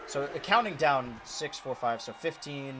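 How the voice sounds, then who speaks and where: Animated young man commentating a game. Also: mid-range voice, moderate pace, crowd noise, noisy background. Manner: animated, shouts and pleads at big moments, mutters while counting. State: out of breath. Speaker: streamer commentating a wrestling video game. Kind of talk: excitable play-by-play commentary.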